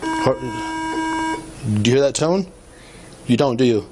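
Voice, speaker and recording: A policeman giving instructions at a traffic stop keeps patiently repeating his coaching commands, captured by a body camera with noisy sound. He has a mid-range voice with lively intonation and speaks a little slowly.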